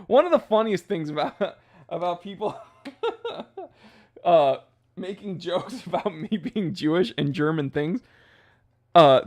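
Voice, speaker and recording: A man hosting a casual livestream, chatting loosely and rambling, with laughs at his own jokes. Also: a little high. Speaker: livestream host.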